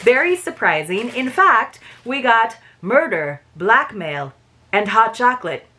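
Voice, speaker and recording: A woman's voice: fairly high pitch, very animated, a little slow, bright, forceful tone. A woman in a casual unboxing video, chatting to viewers as "you guys" and reading bits aloud. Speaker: book box reviewer.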